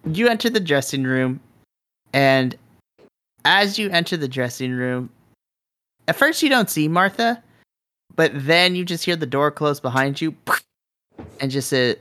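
A man acting as game master, narrating a tabletop game in a relaxed, chatty way. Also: a little high, a little slow, long pauses, dry recording. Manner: relaxed, chatty, laughs easily.

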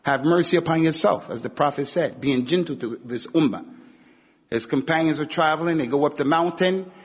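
Speaking a little fast in a fairly high, breathy voice, a preacher gives a loose, slangy sermon, dramatizing small stories as he talks. The audio sounds dull and carries long reverb from a hall.

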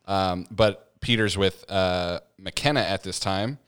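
A man with a low, smooth voice chats casually as a podcast co-host. He retells a reality show episode step by step and slips into quoted lines with a laugh. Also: slow, fairly bright tone, no room sound, studio quality. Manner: storytelling, acts out quotes with laughs.

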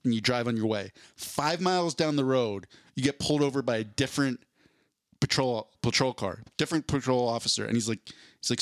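A man's voice: medium pitch, a little fast, dry recording, studio quality. A man co-hosting a casual podcast chat, telling a rambling story and acting out the people in it. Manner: rambling storyteller, acts out cop and dispatcher voices. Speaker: podcast co-host.

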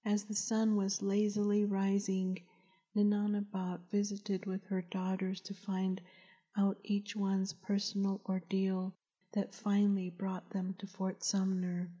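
A woman, the author, reading her novel aloud in a slow, gentle storytelling manner. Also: mid-range voice. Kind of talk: audiobook narration. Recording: dull lo-fi recording.

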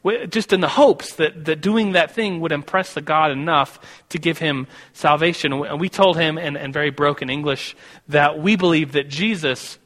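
A man's voice: on the high side, normal speed, fairly bright tone. An American man giving a sermon, telling a personal story in a conversational way with many restarts. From United States. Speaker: preacher. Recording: long reverb of a hall.

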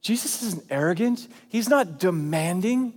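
A man preaching a sermon as pastor, in a conversational, animated way. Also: high-pitched, measured pace, big-room sound. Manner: conversational and animated, acting out quotes.

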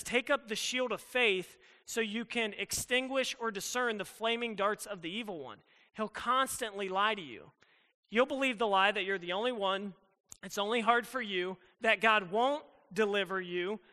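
Young guy preaching, high sharp voice, acts out what people think, hall echo. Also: normal speed. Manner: emphatic and conversational, acts out inner thoughts. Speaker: youth pastor. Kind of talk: sermon.

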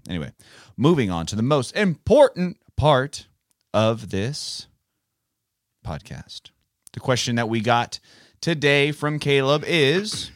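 Animated man hosting a kids' Bible podcast. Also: medium pitch, no echo, studio quality. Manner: animated, teacherly, playful. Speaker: podcast host. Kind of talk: casual Bible podcast for kids.

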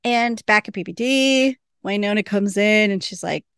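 A woman's voice: medium pitch, moderate pace, a bit bright, clear, resonant tone, no room sound. A woman hosting a podcast, casually recapping a TV episode, laughing often and acting out the lines. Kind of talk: casual chat.

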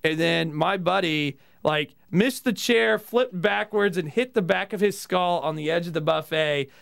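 A man hosting a comedy podcast, telling a childhood story in an animated, laughing way. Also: sits high, unhurried, vocal fry, smooth. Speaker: podcast host. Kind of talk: casual comedy podcast chat.

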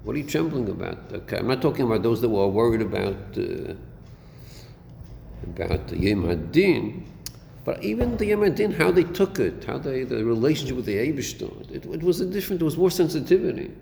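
A man's voice: medium pitch, sing-song, brisk, gravelly, warm tone. Man teaching in an echoey hall. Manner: questioning, rhetorical, mixes Hebrew terms into English. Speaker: Torah teacher. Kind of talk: classroom lecture on Chassidic text. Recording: echoey hall recording with faint noise.

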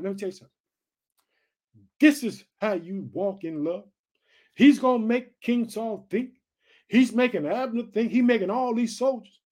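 A man's voice: sits high, moderate pace, long pauses, a little mellow. A man preaching a sermon on a scripture reading, emphatic, repeating exhortations and asking the listener questions.

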